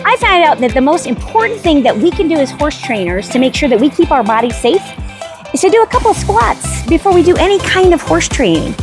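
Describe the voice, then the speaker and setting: A woman's voice: high-pitched, big pitch swings, a little fast, music in the background. A woman who is a veterinarian and animal trainer, talking casually and emphatically to camera at a horse ranch.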